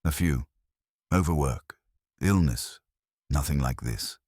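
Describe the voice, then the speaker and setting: Man playing a gruff older stage manager, deep and husky, dry sound. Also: takes it slowly, a little mellow, dry recording, full character voice. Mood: uneasy. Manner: gruff, plain-spoken. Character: grizzled anxious older male stage manager.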